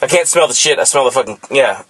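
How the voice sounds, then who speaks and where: A man's voice: mid-range voice, lively intonation, fast, fairly bright tone, slightly rough, no echo, low-quality recording. A man co-hosting a podcast, rambling through profane stories and banter. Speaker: podcast co-host. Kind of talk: casual chat.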